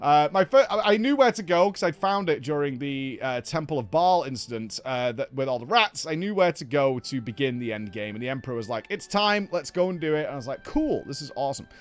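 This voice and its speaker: Animated man hosting a game recap. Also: mid-range voice, fairly quick, few pauses. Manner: animated storyteller who acts out quoted lines. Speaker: host.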